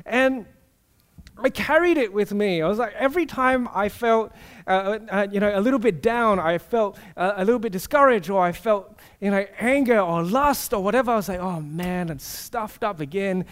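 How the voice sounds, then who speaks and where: Male preacher, unusually high voice, lively storyteller who acts out voices. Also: normal speed, clear, resonant tone. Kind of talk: sermon.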